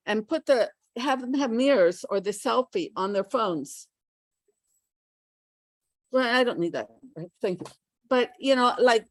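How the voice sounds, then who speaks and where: In a classroom, an older woman from the United States runs a live pronunciation workshop for teachers, chatting and sounding things out aloud. Her voice is medium-pitched, and no room sound can be heard.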